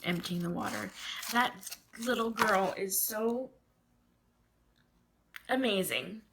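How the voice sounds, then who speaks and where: A woman and mother chatting casually to her viewers as she crafts, expressive and given to rambling asides. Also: medium pitch, slow, gravelly, background noise. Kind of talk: casual chat while crafting.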